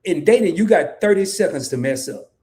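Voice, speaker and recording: A man hosts a casual livestream in a high-pitched, expressive voice with a dark tone, talking briskly. Reading comments aloud, he laughs often and repeats lines to emphasize them.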